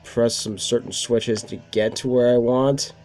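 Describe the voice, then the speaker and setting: A man's voice: medium pitch, steady tone, a little slow, darkish tone, faint music behind. A man casually commenting on his gameplay, swearing when frustrated. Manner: frustrated, cursing, chatty. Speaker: let's play host.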